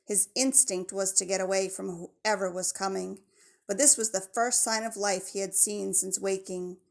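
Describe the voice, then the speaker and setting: Woman audiobook narrator, mid-range pitch, gravelly edge, measured delivery. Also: steady tone. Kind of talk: scripted narration of a children's novel.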